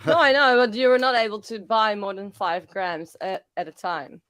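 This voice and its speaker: A woman's voice: medium pitch, animated, normal speed, fairly bright tone, no room sound. A Dutch woman, a native Dutch speaker, chatting casually on a livestream panel with lots of fillers, restarts and laughter. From Netherlands. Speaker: panel guest.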